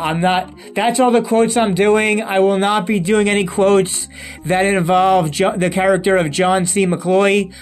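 A man hosting his own channel, chatting casually and rambling through a sign-off. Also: high-pitched. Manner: chatty, rambling, repeats himself. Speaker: channel host.

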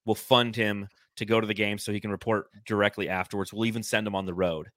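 Bright-voiced, animated podcast host. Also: male voice, on the low side, fast talker, no room sound, studio quality. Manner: animated, swears freely, acts out quotes. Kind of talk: casual sports podcast chat.

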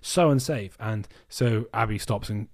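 A man's voice: on the low side, a little slow. A young man co-hosting a podcast, telling travel stories in casual chat and swearing freely. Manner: swears a lot, animated storytelling. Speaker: podcast co-host.

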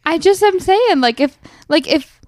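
A woman's voice: extremely high pitch, lively intonation, measured pace, a little mellow, no room sound, clean studio sound. A woman co-hosting a podcast in casual chat, emphatic and opinionated, with many fillers. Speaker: podcast co-host.

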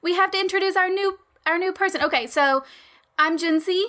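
Bubbly high-voiced woman podcast host. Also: a little fast, pushed and bright. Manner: bubbly, laughs often. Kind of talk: casual podcast chat.

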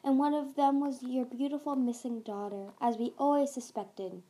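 Sly desert dragon queen, voiced by a woman; slow and silky, higher pitch. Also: fairly even intonation, warm tone, close to an everyday voice.

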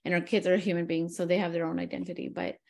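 A woman with a lowish voice and vocal fry hosts a casual conversation, switching between English and Spanish mid-sentence. She's animated and quick to laugh.

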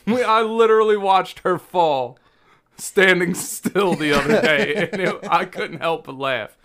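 A man hosting a podcast, talking in laid-back, joking casual chat. His voice sits a little higher than most men's. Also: a little slow, fairly bright tone. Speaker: podcast host.

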